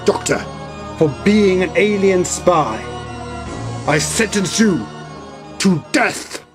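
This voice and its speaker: A man's voice: sits high, expressive, slow pace, over music. A man voicing an officious soldier who serves a villain in a fan-made action figure drama, declaiming sentences.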